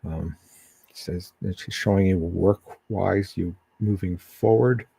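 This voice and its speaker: A man with a very low, gravelly voice gives casual psychic readings to a live-stream audience. He talks in halting bursts full of ums and restarts, and his tone is dark and husky. The sound is close and dry, with no room echo.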